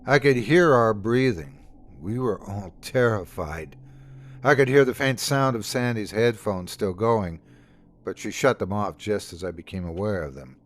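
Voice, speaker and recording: Guy reading a creepy story, low voice, pitch rolls around a lot. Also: lively intonation, unhurried, a little hiss or hum. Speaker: horror storyteller. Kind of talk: scripted horror narration.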